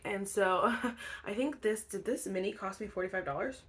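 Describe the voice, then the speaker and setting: A young woman talks through her makeup routine in a chatty, bubbly way, sprinkling in lots of "like" and "um." Her nose is a little blocked, so her voice has a stuffy, congested edge. Her pitch sits right in the middle for a woman. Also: brisk. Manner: bubbly, chatty, filler-heavy with frequent laughs. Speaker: beauty vlogger. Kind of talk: casual chat.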